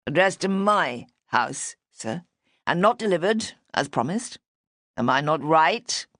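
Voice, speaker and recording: A man's voice: fairly high pitch, expressive, slow, fairly bright tone, no echo, studio quality. A woman reading an audiobook voices a tall, agitated young man who talks in clipped, demanding phrases. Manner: clipped, tightly controlled and demanding. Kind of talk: audiobook character voice.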